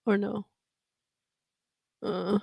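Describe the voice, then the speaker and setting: A woman's voice: mid-range voice, little pitch movement, extremely slow, gravelly, no room sound, lo-fi sound. A young woman chatting through a casual reaction vlog, gushing, laughing and getting teary as she talks. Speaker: comedy vlogger reacting to news footage.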